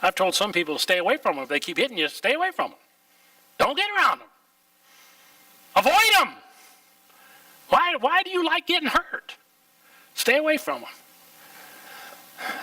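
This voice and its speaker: A man's voice: high-pitched, bright, forceful tone, dry recording, far from the mic, poor audio. An older male pastor, preaching a folksy sermon in church and throwing out rhetorical questions. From Oklahoma, USA. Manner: folksy, plain-spoken, full of rhetorical questions. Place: church sanctuary.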